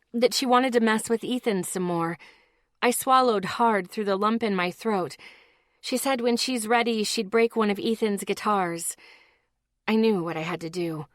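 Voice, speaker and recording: A woman's voice: on the high side, no echo, clean studio sound. Woman narrating a tense first-person audiobook. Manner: tense, blunt, profane first-person telling.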